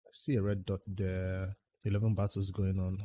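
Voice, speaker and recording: A man from Nigeria with a Nigerian accent and a fairly low voice, talking casually on a game livestream. He answers chat questions and thinks out loud about his grind in a chatty, easygoing way. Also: completely flat delivery, moderate pace. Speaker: game streamer.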